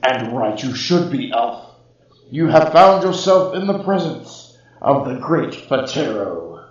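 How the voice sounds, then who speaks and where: A man booming as an ancient jar spirit. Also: sing-song, far from the mic. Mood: imperious. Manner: slow, commanding, loud. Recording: roomy, slightly dull recording.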